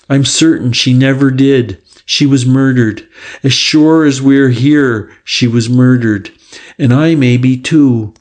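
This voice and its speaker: A man's voice: mid-range voice, darkish tone, voice pushed up, natural voice. A man reading aloud, voicing a nervous young woman with a Lancashire accent who speaks anxiously and pleadingly.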